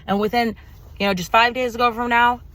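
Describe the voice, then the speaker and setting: A woman's voice: a little high, fairly even intonation, a little fast, fairly bright tone. A woman giving an emotional personal testimony to her viewers. She swears freely, repeats phrases for emphasis and slips into preaching. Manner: preachy, addresses viewers directly. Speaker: spiritual vlogger.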